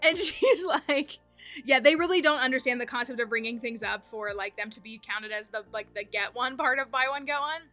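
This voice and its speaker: A woman streamer telling a story in casual chat, animated and full of "like" fillers. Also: a little high, brisk, few pauses, soft background music. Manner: animated, heavy use of "like" fillers.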